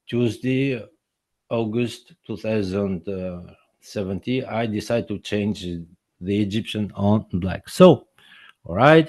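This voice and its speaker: A man who makes documentaries, giving a personal account in a presentation in halting, non-native English full of restarts and repeated words. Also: lowish voice, darkish tone, no echo. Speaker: documentary filmmaker presenting his work.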